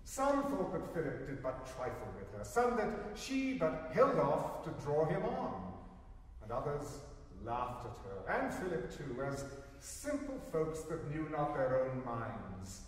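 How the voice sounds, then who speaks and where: Man in his sixties, dramatic poetry recitation, expressive, distant live recording, long concert hall reverb. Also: fairly high pitch, slow pace. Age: 60s. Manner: expressive, theatrical delivery. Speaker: narrator. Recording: live, roomy hall from afar.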